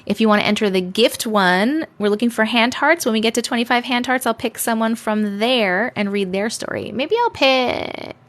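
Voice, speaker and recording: A woman with a fairly high, fairly bright voice hosts a live stream, reading viewer stories aloud at a normal pace with few pauses. She keeps it playful and chatty, dropping sarcastic asides as she goes. She's speaking into a desk microphone.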